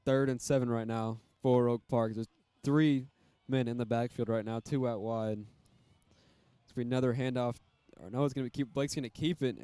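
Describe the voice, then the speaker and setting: A man calling a high school football game, casual and rambling, with many fillers. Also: steady tone, a little fast, warm tone, smooth, dry recording. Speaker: play-by-play commentator.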